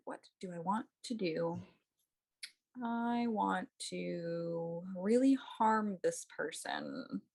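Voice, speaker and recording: A woman's voice: fairly low pitch, sing-song, very slow, vocal fry, darkish tone. A woman with an Irish accent, playing a tabletop game in a chatty, questioning way. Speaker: player. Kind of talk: casual tabletop play.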